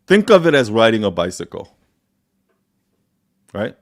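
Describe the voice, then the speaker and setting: A man's voice: fairly low pitch, sing-song, a little slow. A man hosting a live Q&A, giving blunt, profane business advice and hammering points home with repetition. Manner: profane, forceful, repeats for emphasis. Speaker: host answering live questions.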